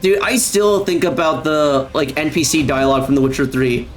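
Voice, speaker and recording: A man's voice: fairly high pitch, moderate pace, hardly any pauses, faint music behind. A young man casually chatting on a live stream, rambling and swearing often, with lots of fillers.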